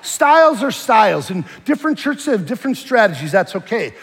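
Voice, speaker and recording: A man preaching a sermon, lively and joking, swinging between shouting and hushed earnest lines. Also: high-pitched, fairly quick, in a large hall.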